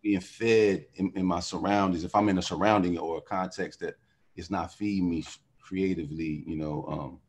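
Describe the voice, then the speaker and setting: A man's voice: low voice, fairly even intonation, normal speed, a little mellow, husky. A man talking as a podcast guest in casual conversation, riffing animatedly and philosophically on word origins.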